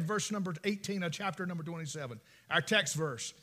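Preacher, high and very bright, folksy, shouts then hushes. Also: male voice, fairly quick. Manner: folksy storytelling, swings from shouting to whispers. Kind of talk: sermon.

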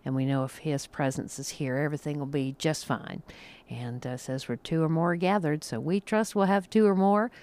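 Folksy radio host, chatty, smooth resonant tone. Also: male voice, a little high, moderate pace, darkish tone. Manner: folksy, chuckling, filler-heavy. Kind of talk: casual radio chat.

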